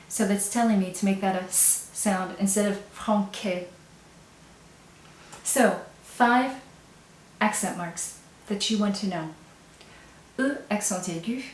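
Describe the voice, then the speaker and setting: A woman's voice: mid-range voice, a little mellow, reverberant, slight background noise. A woman teaching a language lesson patiently, step by step, often checking in with the learner. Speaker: French teacher.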